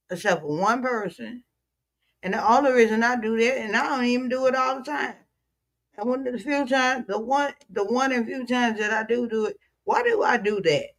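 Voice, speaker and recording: A weary woman streamer venting to her viewers in a frustrated, repetitive, profane rant. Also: on the high side. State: weary, worn out. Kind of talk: emotional livestream rant.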